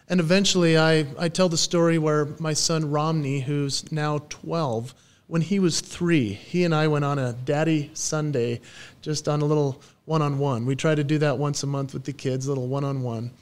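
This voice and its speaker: An animated man in his forties tells lively stories as a podcast guest. His voice sits fairly high for a man, and he jumps into playful quoted voices as he talks. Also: moderate pace, smooth. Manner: lively storyteller who acts out quoted voices. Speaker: guest, professional stage entertainer. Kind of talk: podcast interview.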